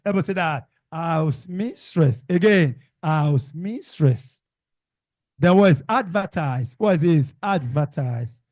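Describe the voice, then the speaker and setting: Male teacher running class drills, questions and repeated answers; slightly high, unhurried, close and dry. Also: darkish tone, no room sound. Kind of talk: classroom revision lesson.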